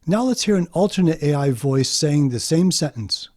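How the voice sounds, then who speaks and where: Man hosting a video, explanatory monologue, emphatic, deliberate, mellow warm tone, a little higher. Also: animated. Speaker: video host.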